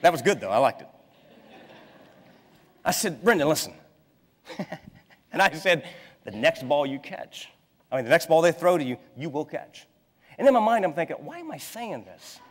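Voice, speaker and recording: A man in his thirties preaching a sermon, telling a family story in a lively way and acting out the people in it. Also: fairly high pitch, moderate pace, pauses often. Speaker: pastor. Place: church sanctuary. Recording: long hall reverb in a church.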